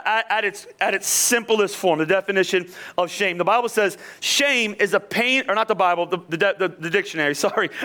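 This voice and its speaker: A pastor in his forties, a man from Philadelphia, preaches in a loose, conversational way, full of asides and self-deprecating stories. His voice sits high and sounds bright and forward, and he keeps restarting phrases as he talks. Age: 40s. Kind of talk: conversational sermon with personal stories.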